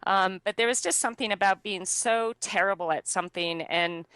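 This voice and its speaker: A young adult woman, a guest, telling a personal story in an animated way, laughing often and using many fillers. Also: medium pitch, moderate pace, smooth, no room sound. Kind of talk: conversational storytelling.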